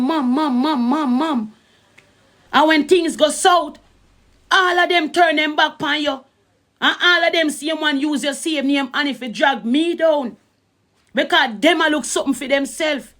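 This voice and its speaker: A middle-aged woman with a Jamaican accent ranting on a casual live stream, emphatic and repeating "you understand" again and again. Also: a little high. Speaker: social media streamer.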